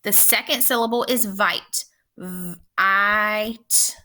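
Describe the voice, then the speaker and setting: A woman teacher giving a recorded phonics lesson, speaking slowly and clearly and repeating each word for young learners. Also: mid-range voice, pushed and bright. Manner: slow, clear instructional pacing with repeated words.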